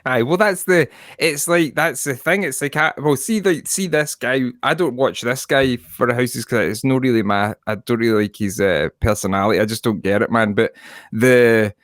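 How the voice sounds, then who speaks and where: A man's voice: medium pitch, normal speed, fairly bright tone, no echo, clean studio sound. Sweary Scottish man on a call. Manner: sweary, rambling, laughs often. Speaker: podcast co-host. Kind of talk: casual chat. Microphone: video call.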